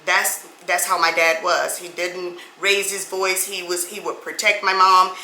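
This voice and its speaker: A middle-aged woman hosts her own podcast and tells a personal story. Her voice is bright and forward, and she keeps turning to her audience as guys and y'all. The room is echoey, with faint ambient noise underneath. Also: lowish voice, level tone, a little slow. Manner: chatty, addresses listeners as guys and y'all. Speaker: podcast host.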